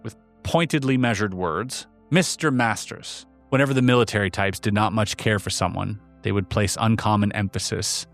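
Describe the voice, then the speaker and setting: A man reads a story aloud in a dry, wry manner, his voice sitting low. Quiet music plays faintly in the background. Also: steady tone, a little fast, hardly any pauses. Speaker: host and story reader. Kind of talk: story narration.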